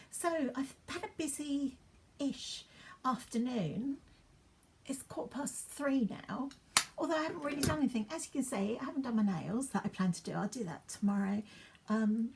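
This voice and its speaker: This is a chatty woman, her voice sitting slightly high. She rambles to the camera while styling her hair at home and keeps dropping into soft, half-whispered asides. The home recording carries a faint hiss. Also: moderate pace, vocal fry. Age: 50s. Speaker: beauty vlogger. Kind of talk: chatty get-ready-with-me vlog.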